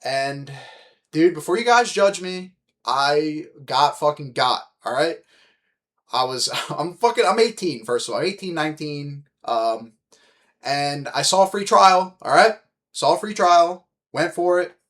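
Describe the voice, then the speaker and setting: A young man hosting a podcast, telling stories in a casual, animated, heavily profane way and calling his listeners dude. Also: a little high, measured pace. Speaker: podcast host. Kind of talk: casual storytelling chat.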